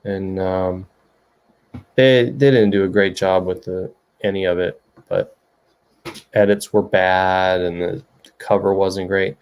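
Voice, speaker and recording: A middle-aged man with a low, gravelly voice hosting a casual livestream chat. He rambles and jokes, talking straight to viewers as he works through their comments. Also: steady tone, slow, a little mellow.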